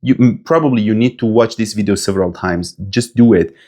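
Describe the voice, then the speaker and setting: Low-voiced man teaching an instrument. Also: brisk. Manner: relaxed, explanatory, with frequent fillers and restarts. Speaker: music teacher. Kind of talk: instrument lesson.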